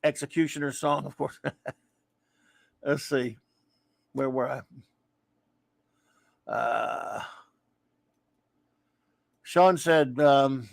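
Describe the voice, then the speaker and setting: A man's voice: mid-range voice, steady tone, extremely slow, creaky, pauses often, no room sound. A man from Louisiana hosting a casual live-stream comics chat. He rambles through strong opinions and greets his viewers in a friendly way. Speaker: livestream comics talk host.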